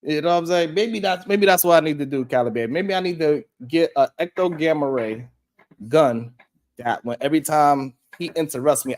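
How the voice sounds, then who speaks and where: A man hosting a talk show, reacting to clips in loose, animated commentary, laughing and repeating himself for emphasis. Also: a little high, fairly quick. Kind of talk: casual commentary. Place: studio.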